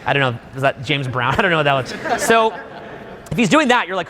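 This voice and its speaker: A man coaching a live seminar audience, animated, suddenly bursting into loud acted-out examples. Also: on the high side, a little fast, a crowd in the background. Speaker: dating coach. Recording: long hall reverb.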